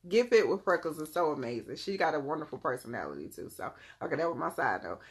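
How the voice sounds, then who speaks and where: A woman's voice: deep voice, very animated, fast. A woman giving a casual tarot reading on a live stream, laid-back and slangy, calling her viewers "beloved".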